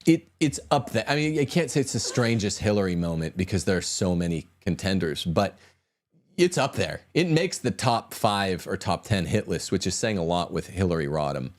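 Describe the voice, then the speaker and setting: A man with a fairly low voice hosts a podcast in an opinionated, combative manner. He presses his points emphatically and drifts into sweeping asides. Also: lively intonation, moderate pace. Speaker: podcast host.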